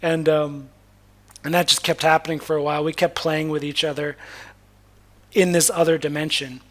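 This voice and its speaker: Young man from Massachusetts, slightly high voice, candid and rambling, casual personal storytelling with frequent restarts and swearing. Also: flat delivery, normal speed. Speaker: spiritual vlogger.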